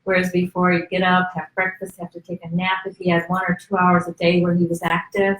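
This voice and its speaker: A woman chiming in during an interview, prompting the guest and talking about him in the third person. Her voice is low and flat, and the room around her is echoey. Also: a little fast.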